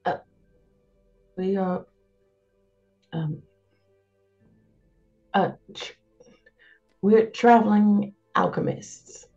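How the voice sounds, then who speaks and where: A woman's voice: mid-range voice, drawn-out words, vocal fry, pauses often, a little mellow, muffled recording, faint music behind. A woman playing a tabletop game, talking in a hesitant, laughing way. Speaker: player.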